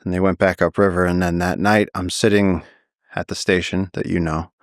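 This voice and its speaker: A man's voice: deep voice, level tone, normal speed, no room sound, studio quality. A man, a naturalist guest on a podcast, vividly telling a story and acting out the quotes. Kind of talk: storytelling in a long-form interview.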